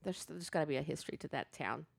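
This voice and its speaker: A woman's voice: deep voice, expressive, quick pace, vocal fry, slightly rough, no room sound, clean studio sound. Rambling, laughing woman podcast host. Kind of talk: casual chat. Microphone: podcast mic.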